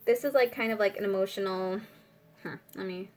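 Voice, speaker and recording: A woman's voice: mid-range voice, brisk, a little mellow. Rambling young woman reading tarot. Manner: rambling, filler-heavy, breaks off to pray aloud. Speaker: tarot reader. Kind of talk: casual spiritual tarot reading.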